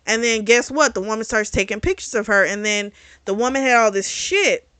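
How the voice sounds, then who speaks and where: A woman talks through a book's plot in a loose, animated way, peppering it with fillers and the occasional curse. Her voice is bright and forceful. The sound is close and dry, with no room around it. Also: a little high, fairly quick, clean tone, dry recording. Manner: animated retelling full of fillers and swearing. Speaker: book reviewer. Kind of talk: casual spoken book recap.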